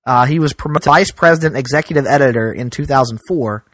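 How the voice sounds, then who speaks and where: A man's voice: mid-range voice, quick pace, fairly bright tone, no room sound, low-quality recording. A man co-hosting a casual comic book podcast, tossing out sarcastic, grumbling asides. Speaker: podcast co-host.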